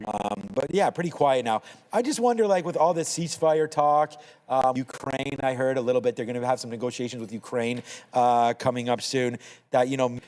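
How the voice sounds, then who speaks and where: A man's voice: mid-range voice, fairly quick, a little mellow, big-room sound, low-quality recording. A man hosting a live trading show, talking through charts in a casual, rambling way with lots of fillers. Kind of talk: live market commentary chat.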